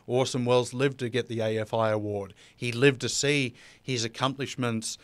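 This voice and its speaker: A man talks loosely and conversationally as a host, mid-pitched and smooth, with the odd filler and restart. The sound is close and dry, with no room around it. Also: fairly even intonation, moderate pace, dry recording. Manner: chatty, with fillers and restarts, laughing easily. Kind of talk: casual unscripted monologue.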